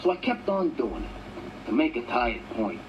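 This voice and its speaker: An actor playing a big, gruff male bricklayer in a mental ward, talking slowly, plainly and deadpan. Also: mid-range voice, recorded from a distance, a little hiss or hum, low-quality recording. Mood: matter-of-fact.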